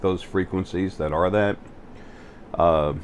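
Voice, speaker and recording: A man with a very low voice talks straight to the camera on his own spiritual channel. He keeps stopping on fillers and restarting his sentences, with a faint hum of noise under him. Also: fairly even intonation. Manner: halting, full of fillers and restarts. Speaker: channel host. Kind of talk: spiritual vlog monologue. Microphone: facing the camera.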